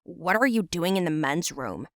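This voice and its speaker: A woman voicing a smug teenage boy who mocks a classmate in an animated story. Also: on the low side, normal speed, no room sound, studio quality. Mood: sneering. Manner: sneering, mocking.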